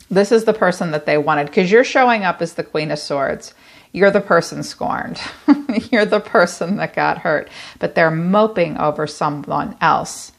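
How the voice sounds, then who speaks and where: A woman reads tarot cards aloud to her viewers, talking in a chatty, blunt way. She swears now and then without fuss. Her voice sits a little low. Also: gravelly. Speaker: tarot reader. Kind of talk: solo tarot reading to camera.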